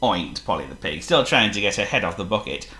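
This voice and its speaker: A man reading a children's story aloud in an expressive, playful way. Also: low voice, a little fast, reverberant. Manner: expressive and playful, laughs as he reads.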